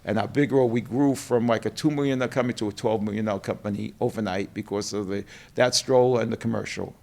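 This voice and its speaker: Middle-aged man, New York accent, gravelly voice, lively storyteller who acts out the quotes. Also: fairly low pitch, quick pace. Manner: animated storyteller acting out quotes. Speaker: guest, company co-president. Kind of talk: storytelling interview.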